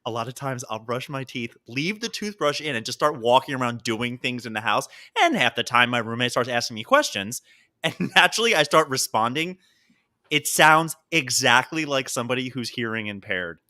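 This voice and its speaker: A man co-hosting a comedy podcast, chatting casually and jokily, now and then slipping into quick silly voices. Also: mid-range voice. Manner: animated, jokey, does quick voices. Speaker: podcast co-host.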